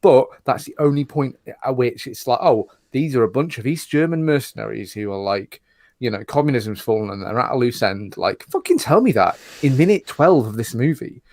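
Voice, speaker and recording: A man's voice: medium pitch, lively intonation, fairly quick, darkish tone, no room sound, clean studio sound. A British man co-hosting a podcast, ranting sarcastically in casual chat and swearing. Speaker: podcast co-host.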